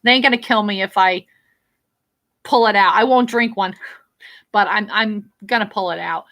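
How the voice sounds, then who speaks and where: Blunt New Jersey woman, bright voice. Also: medium pitch, normal speed. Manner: rambling, blunt, swears freely. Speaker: livestream host. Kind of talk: casual live-stream chat reading viewer comments.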